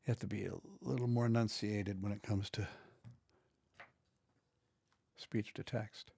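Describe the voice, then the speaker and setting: A man's voice: fairly low pitch, steady tone, fairly quick, gravelly, a little mellow, breathy edge, no echo. A man walking through his computer work in a casual, rambling way, thinking aloud and restarting his sentences. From United States. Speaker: audiobook narrator and video creator. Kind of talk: casual screen-recording walkthrough.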